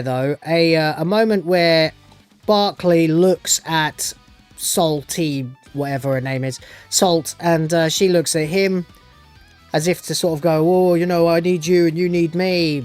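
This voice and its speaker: Rambling sarcastic man reviewing. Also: on the high side. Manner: rambling, sarcastic, swears, many filler restarts. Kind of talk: casual spoken review.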